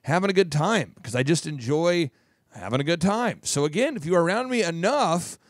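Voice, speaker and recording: Animated jokey man giving advice. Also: a little high, brisk, no echo, clean studio sound. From Minnesota. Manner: jokey, animated, repeats phrases. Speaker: podcast host and business coach. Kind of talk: advice monologue.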